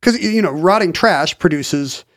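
Wry chatty man, slightly high voice. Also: animated, no room sound, clean studio sound. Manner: chatty, wry, halting with restarts. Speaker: podcast co-host. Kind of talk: casual chat, explaining a story.

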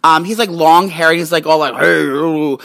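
A woman's voice: sits low, steady tone, fast, a bit bright. Tipsy woman rambling through celebrity facts. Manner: rambling, reads aloud with fillers and restarts. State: tipsy, hiccuping. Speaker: vlog host reading celebrity facts. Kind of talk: casual chat. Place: home, indoors.

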